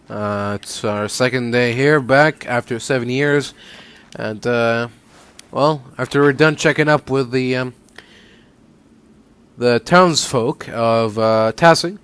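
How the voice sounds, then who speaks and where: A relaxed man talks through a game at a slow, unhurried pace. His voice sits mid-range and wanders between thoughts in casual commentary. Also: medium pitch, smooth. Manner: relaxed, rambling with fillers and restarts. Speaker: let's play host.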